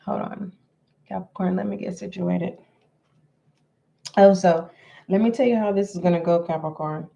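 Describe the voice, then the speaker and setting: A woman giving a tarot reading to her viewers in a deliberate way, often repeating herself and clearing her throat. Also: lowish voice, fairly even intonation, warm tone, dull audio. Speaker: tarot reader. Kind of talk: slow spoken tarot reading.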